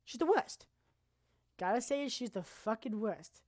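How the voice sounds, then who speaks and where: A woman streamer presenting anime awards in casual, rambling, profane commentary that now and then bursts into loud shouting. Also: fairly high pitch, lively intonation, unhurried.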